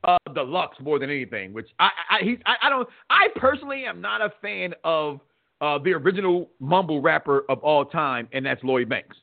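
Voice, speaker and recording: A man hosts a sports talk show in a lively, swooping voice with a gravelly edge. He rambles and stumbles over repeated words. The sound is thin and tinny, like a phone line. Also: fairly high pitch, a little fast. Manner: animated, rambling, repeats words when thinking. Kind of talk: casual sports radio talk. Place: radio studio.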